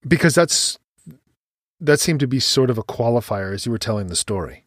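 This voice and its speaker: A man's voice: medium pitch, lively intonation, a little fast, no room sound, clean studio sound. A man interviewing a guest, asking thoughtful, probing questions.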